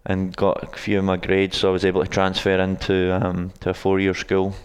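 A man's voice: sits low, monotone, a little fast, clear, resonant tone, in a large hall. A Scottish man in his twenties answers interview questions in a casual, hesitant way, with many ums and restarts. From Scotland. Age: 20s. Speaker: guest, college soccer coach.

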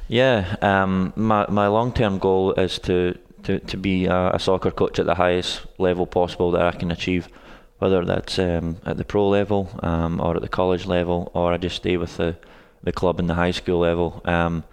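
A man's voice: deep voice, level tone, moderate pace, few pauses, smooth, big-room sound. A Scottish man in his twenties answers interview questions in a casual, hesitant way, with many ums and restarts. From Scotland. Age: 20s. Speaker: guest, college soccer coach.

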